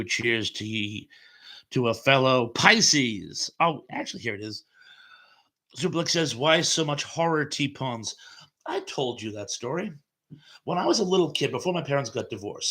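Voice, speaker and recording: Bright-voiced man hosting a live chat. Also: mid-range voice. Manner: chatty and rambling, with frequent fillers and chuckles. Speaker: live stream host. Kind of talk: casual live chat, reading viewer comments aloud.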